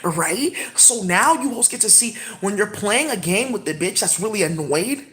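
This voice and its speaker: A woman's voice: medium pitch, lively intonation, normal speed. Profane, erratic woman ranting. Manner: erratic, profane, with sudden loud exclamations. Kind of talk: rambling monologue.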